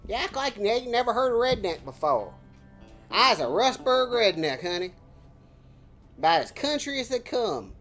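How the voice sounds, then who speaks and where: A woman's voice: on the high side, big pitch swings, normal speed, a bit bright, faint music behind, voice pushed up. A woman hamming up a drawling hillbilly redneck gal. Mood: boastful. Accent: exaggerated rural Southern US. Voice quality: drawling, hammed-up twang. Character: boastful hillbilly country woman, folksy.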